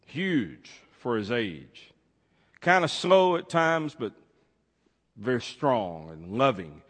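A man telling a heartfelt true story, expressive, swinging between loud and hushed. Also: mid-range voice. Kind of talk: emotional storytelling. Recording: long hall reverb.

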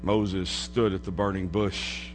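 A man preaching a sermon in a church, dropping to hushed low asides and rising to emphatic declarations. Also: little pitch movement, measured pace. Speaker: pastor. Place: church sanctuary. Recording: hall reverb with mains hum.

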